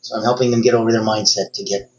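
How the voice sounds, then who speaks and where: A man giving a motivational talk as a coach, emphatic and speaking straight to the listener, with sudden upward jumps in pitch on key words. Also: steady tone, fast, darkish tone, muffled recording, a little hiss or hum.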